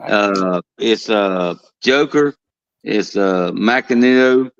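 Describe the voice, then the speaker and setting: A man's voice: fairly low pitch, slow pace, smooth. A man who works at a cigar plant, chatting casually, often restarting and trailing off mid-thought. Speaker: guest, cigar plant worker. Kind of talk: casual chat. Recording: dull lo-fi sound.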